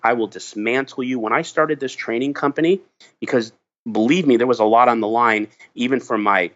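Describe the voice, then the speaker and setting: A man's voice: mid-range voice, a little fast, fairly bright tone. A middle-aged man telling a motivational story as a podcast guest, earnest and emphatic, often restarting his words. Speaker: podcast guest, business founder. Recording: dull lo-fi podcast audio.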